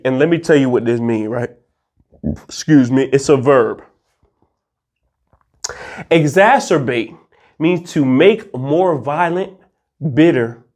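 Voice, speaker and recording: A man hosting a casual drinking vlog, talking in a playful, rambling, slangy way and sometimes spelling words out slowly for emphasis. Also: medium pitch, darkish tone. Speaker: vlog host.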